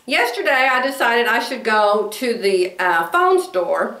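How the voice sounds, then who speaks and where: A woman's voice: a little high, sing-song, a little slow, fairly bright tone, reverberant. A woman in her sixties chatting casually to camera in a rambling way, laughing often as she talks. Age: 60s. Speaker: vlogger.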